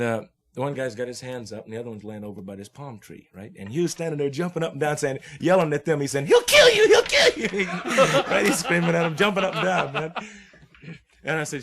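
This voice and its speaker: Fast-talking man telling stories. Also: mid-range voice. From Oklahoma. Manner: laid-back hip slang, laughs often, acts out voices in his stories. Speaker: guest musician. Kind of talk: casual storytelling.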